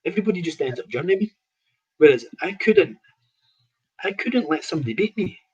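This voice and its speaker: A Scottish man with a husky, breathy voice talks through his stories casually. He acts out other people's lines and laughs often. The recording sounds dull and lo-fi. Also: high-pitched, brisk. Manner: animated anecdotes with quoted dialogue, laughs often. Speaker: professional boxer, guest. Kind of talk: casual storytelling interview.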